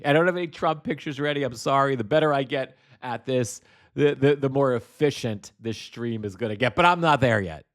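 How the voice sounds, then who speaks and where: Profane, rambling male stream host. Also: medium pitch. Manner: profane, rambling, with frequent restarts and asides. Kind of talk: casual political commentary livestream.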